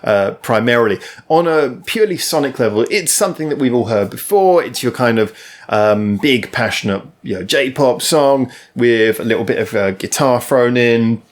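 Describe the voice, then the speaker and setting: A man talking casually through a music review for his channel, at a mid-range pitch. He rambles, circles back on himself and fills pauses with ums and uhs as he gathers his thoughts. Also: lively intonation. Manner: rambling and chatty, full of ums and restarts.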